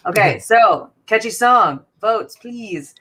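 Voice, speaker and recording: A man co-hosting a casual online stream, reading out votes with many pauses and fillers. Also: high-pitched, animated, bright, forceful tone, breathy edge.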